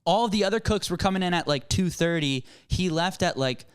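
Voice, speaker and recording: Young male co-host, high voice, animated and profane, plays every part in his anecdotes. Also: fairly quick, clear, resonant tone. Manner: animated, profane, acts out quoted people. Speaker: podcast co-host. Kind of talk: casual comedic storytelling.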